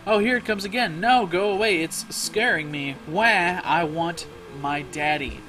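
A tearful little girl from a game, whimpering and whining in a high, squeaky voice, as a man puts her on. She pipes up well above a grown man's pitch. Her voice rings loud and shrill. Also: unhurried, faint music behind, poor audio. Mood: scared, whimpering.

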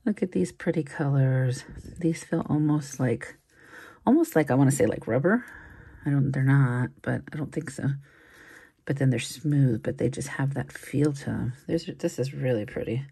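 A woman's voice: very deep voice, normal speed, creaky, warm tone, husky. A woman reseller musing aloud in a casual unboxing commentary, chatty and full of little fillers. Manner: chatty, musing aloud, frequent likes and ums. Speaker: jewelry reseller.

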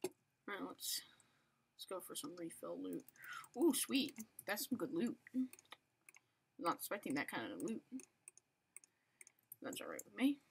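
Woman, game commentary host, rambling and self-mocking, lively sing-song range. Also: on the low side, unhurried, gravelly, long pauses, a little hiss or hum. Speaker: gaming channel host. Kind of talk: live gameplay commentary.

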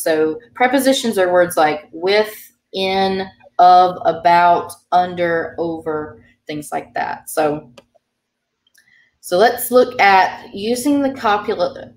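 A woman's voice: lowish voice, slow pace. A woman teaching a beginner language class, explaining grammar patiently with frequent ums. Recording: roomy sound from a distant mic.

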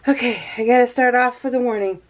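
A young woman talks through a head cold, her voice congested and stuffy. She chats loosely and rambles, pausing now and then for a tired sigh, like a hobby vlogger talking to her viewers. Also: on the high side, steady tone, rough recording. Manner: chatty, rambling, sighs often. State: stuffed up from the flu. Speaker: scrapbooking vlogger. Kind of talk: casual chat while crafting.

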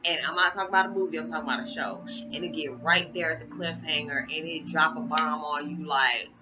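A woman's voice: low voice, fast, over music. Tired, chatty woman vlogging. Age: middle-aged. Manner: chatty, laughs often, colloquial Southern-leaning speech. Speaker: spiritual vlogger. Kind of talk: casual chat to camera. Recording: muffled with noticeable background hiss.

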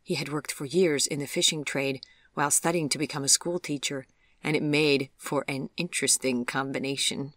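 A man's voice: a little high, steady tone, normal speed, fairly bright tone, dry recording, clean studio sound, close to an everyday voice. A narrator voicing a charming, eager young man with a Sheffield accent, cheerful and teasing in an audiobook. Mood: playful. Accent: Sheffield English.

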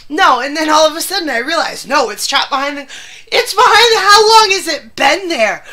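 A woman's voice: high voice, expressive, moderate pace, pushed and bright. A woman streaming live, panicking, swearing and laughing in fits.

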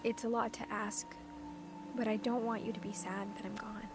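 A woman voicing a grieving mother reading her farewell journal aloud in a soft, hushed, wistful way, in a game voice-over. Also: fairly high pitch, little pitch movement, moderate pace, natural voice. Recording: game voice-over with loud music.

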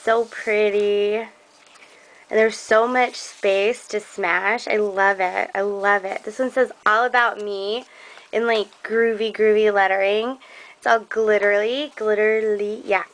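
A woman's voice: medium pitch, fairly even intonation, low-quality recording. A young woman showing off craft gifts on camera, gushing and effusive about everything. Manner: gushing and effusive, slow and drawn out. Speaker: crafting vlogger. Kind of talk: casual show-and-tell unboxing.

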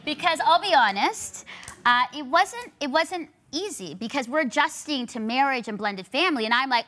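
Woman host in her 40s, bright, ringing tone, animated on-stage chat. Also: high voice, moderate pace. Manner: animated, emphatic repetition. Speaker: show host. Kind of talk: casual on-stage conversation. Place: studio stage with live audience.

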